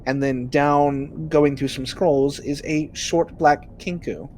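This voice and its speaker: A man narrating a tabletop game as game master, relaxed and filler-laden. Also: on the high side, takes it slowly, slight background noise.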